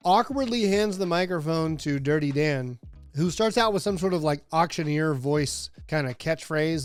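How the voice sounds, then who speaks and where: A man's voice: fairly high pitch, expressive, normal speed, smooth, no room sound, soft background music. A man hosting a comedic wrestling review, talking casually and sarcastically with lots of fillers. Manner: rambling, sarcastic, many fillers, laughs often. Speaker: host.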